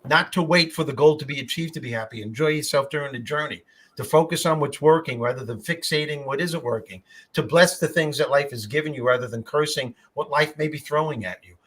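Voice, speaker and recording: Husky older man telling stories. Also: on the high side, brisk. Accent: New York. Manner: storytelling, animated. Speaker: podcast host. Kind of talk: casual chat.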